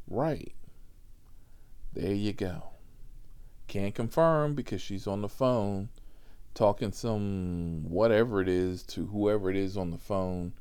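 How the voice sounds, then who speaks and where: A man's voice: on the low side, takes it slowly, a little mellow, clean tone. A man telling a story about driving a passenger, in an exasperated, profane rant that he aims at his viewers.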